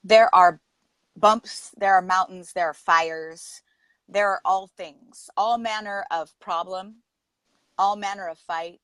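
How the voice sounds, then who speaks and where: A woman's voice: medium pitch, slow pace, no echo, rough recording. A middle-aged woman hosting a casual interview, talking earnestly and quoting herself as she explains her points. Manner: earnest, uses lively metaphors, quotes herself. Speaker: podcast host.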